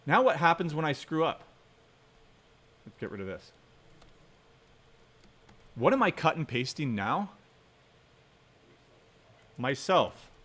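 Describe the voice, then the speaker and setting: A man giving a programming lecture while he codes live. He keeps things conversational and checks in with a quick "right?" after most points. He drives warnings home by repeating them several times. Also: fairly high pitch, a bit bright. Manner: conversational, often adds "right?" as a tag question; emphatic, repeats key warnings. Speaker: university instructor.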